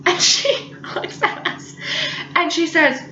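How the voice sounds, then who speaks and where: A woman's voice: very high voice, takes it slowly, slight background noise. A young woman telling a funny personal story, giggly and dramatic. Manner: giggly, animated, dramatic retelling. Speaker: vlogger. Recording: echoey room, slightly dull audio.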